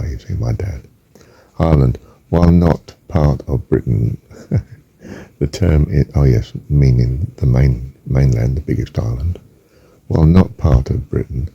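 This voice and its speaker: Gravelly deep-voiced man, slow and halting. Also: mellow, no echo, muffled recording. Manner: halting, with frequent ums and self-corrections. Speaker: former pastor. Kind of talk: casual talk, reading notes aloud.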